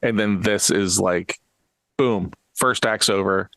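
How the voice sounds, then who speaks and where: A man's voice: on the low side, slow pace, fairly bright tone, no room sound, rough recording. A man co-hosting a podcast, reading a short plot summary and chatting casually about a movie in a laid-back way. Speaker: podcast co-host.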